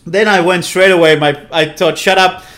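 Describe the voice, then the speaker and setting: Brief: man, podcast co-host, lively anecdote teller, slightly high voice, cracks up laughing. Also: moderate pace. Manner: animated, swears, laughs hard at own stories. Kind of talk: casual storytelling chat.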